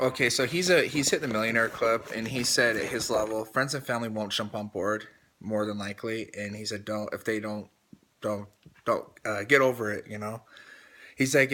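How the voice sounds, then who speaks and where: Low-voiced man rambling through a recap. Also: normal speed, fairly bright tone. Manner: retells quotes at length, rambling with restarts. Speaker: team coach recapping a call. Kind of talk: casual recap talk.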